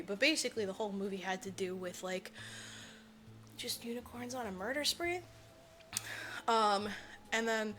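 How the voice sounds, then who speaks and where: A woman's voice: medium pitch, a little hiss or hum. A woman co-hosting a podcast, recapping a movie in casual, profane chat and acting out the characters' lines. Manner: animated, profane, acts out quotes. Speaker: podcast co-host.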